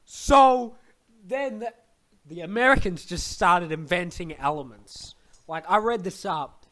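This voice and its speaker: A man's voice: high voice, lively intonation, a little slow, pushed and bright, low-quality recording. A young man giving a goofy, scatterbrained comedic monologue into a desk microphone, acting out silly voices. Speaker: comedic history narrator.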